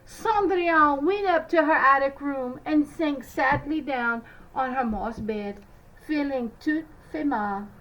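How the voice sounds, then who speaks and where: A woman teacher reading a picture book aloud to children, expressive and sometimes stumbling over French words. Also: high-pitched, takes it slowly, dull audio.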